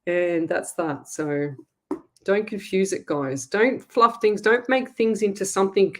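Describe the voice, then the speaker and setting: A woman's voice: medium pitch, measured pace. An Australian woman hosting a live psychic medium show, talking casually and rambling as she gives blunt advice to her viewers. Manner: chatty, rambling, direct advice-giving. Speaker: psychic medium radio host. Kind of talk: casual live-stream reading.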